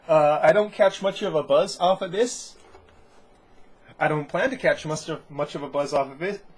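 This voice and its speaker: A man's voice: on the high side, husky. A man giving a casual beer review, talking in a rambling way and often correcting himself. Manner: rambling, self-correcting, chatty.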